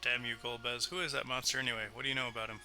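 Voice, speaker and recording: A man voicing a grieving, vengeful old male sage in a video game, talking in a gruff, clipped, threatening way. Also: mid-range voice, little pitch movement, racing, sharp tone, soft background music. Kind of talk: reading game dialogue aloud.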